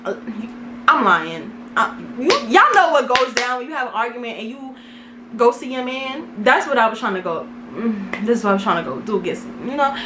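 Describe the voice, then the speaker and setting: A woman's voice: on the high side, lively intonation, normal speed, background noise. A young woman from Brooklyn, telling a casual storytime in a slangy, self-mocking way. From Brooklyn, New York. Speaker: vlogger. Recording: echoey room.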